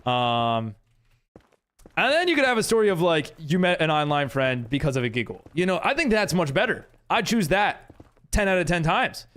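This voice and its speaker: Young man, streamer, casual chat, fairly high voice, very lively pitch, frequent laughs. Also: normal speed. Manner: chatty, laughs often, many fillers. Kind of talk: casual live-stream chat reading viewer messages.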